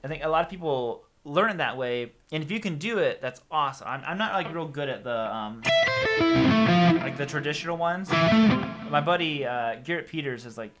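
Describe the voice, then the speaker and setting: A man's voice: on the high side, animated, normal speed. A man hosting a casual guitar live stream, rambling and self-deprecating as he reads out viewer comments. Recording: loud guitar music over the voice. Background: loud guitar playing.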